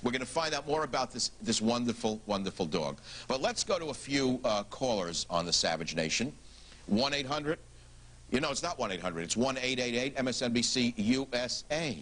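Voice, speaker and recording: Man, TV talk show host, blunt, emphatic, rhetorical questions, mid pitch. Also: animated, normal speed, a bit bright.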